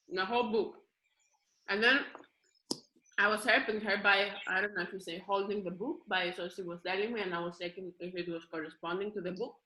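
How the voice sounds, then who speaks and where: A woman's voice: mid-range voice, bright, forceful tone, roomy sound, low-quality recording. A woman with a Greek accent, Greek her first language, speaking in a meandering, hesitant monologue full of restarts. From Greece. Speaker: performer. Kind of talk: rambling spoken monologue.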